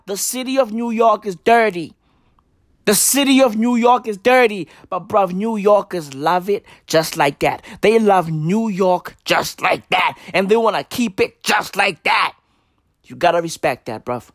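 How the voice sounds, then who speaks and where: A man's voice: high-pitched, no echo, clean studio sound. A young man delivering a profane comedic rant, emphatic and slangy, repeating his points over and over. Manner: repetitive, emphatic, slangy, swearing. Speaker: comedic commentator.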